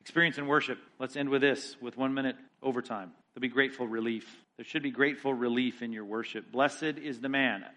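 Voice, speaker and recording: A man, a pastor, teaching a Bible study in a lively sermon style, reading Scripture aloud with rising emphasis and tossing in quick asides. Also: medium pitch.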